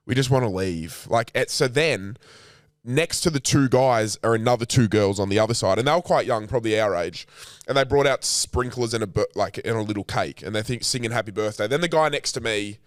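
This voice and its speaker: A young man telling a story on a casual podcast, animated and full of swearing. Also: on the low side, fairly quick, no room sound, clean studio sound. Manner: animated, swears often, acts out what others said. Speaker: podcast co-host.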